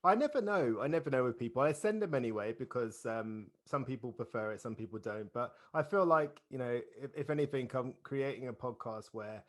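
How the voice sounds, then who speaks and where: A man's voice: mid-range voice, expressive, fairly quick, few pauses. A middle-aged man hosting a podcast interview, often stumbling over and repeating his words and laughing. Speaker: podcast host.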